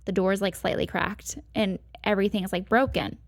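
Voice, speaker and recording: A woman's voice: mid-range voice, a little fast, no room sound. Woman, podcast guest, casual storytelling, constant fillers, swears a lot, dry close sound. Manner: heavy "like" fillers and frequent swearing; lively retelling of a story.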